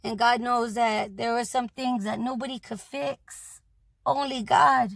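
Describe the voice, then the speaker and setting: Loose and blunt, with free swearing and frequent "you know"s, a woman passes along words from a departed man in a casual monologue. She speaks a little slowly at fairly high pitch, steady in tone, slightly bright with vocal fry, and the recording has no echo.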